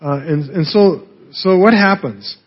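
A man's voice: sits high, a little slow, breathy edge. A man preaching a sermon as a pastor, talking conversationally and often checking in with the congregation with "right?" tags. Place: church service. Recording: dull, muffled sermon recording.

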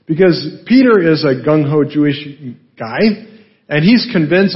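Male pastor, conversational Bible teaching, rhetorical questions, slightly high voice, muffled lo-fi sound. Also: animated, unhurried. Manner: informal, asks rhetorical questions, often adds "right?".

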